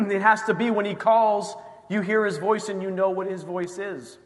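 A male pastor preaching a sermon, telling a story and acting out the dialogue with lively energy. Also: high-pitched, normal speed. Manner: animated storytelling, acts out dialogue. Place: church sanctuary. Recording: church hall reverb.

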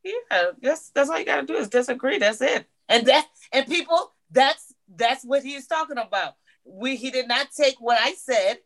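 A woman's voice: high voice, expressive, normal speed, a bit bright. A woman in a casual debate, steadily explaining and defending her point.

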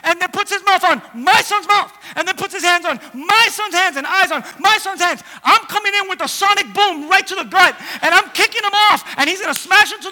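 A man's voice: very high-pitched, brisk, hardly any pauses, sharp tone. A man preaching a sermon, retelling a scripture story with humor and acting out the characters. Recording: long hall reverb.

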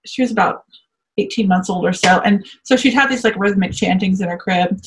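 A woman's voice: medium pitch, fairly quick, slight background noise. Woman host in her thirties, chatty and giggly, loose conversational podcast delivery. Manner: chatty, laughs often, many fillers.

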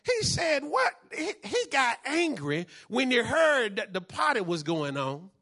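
Male pastor, high bright voice, call-and-response preaching. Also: huge pitch swings, measured pace. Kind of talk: sermon.

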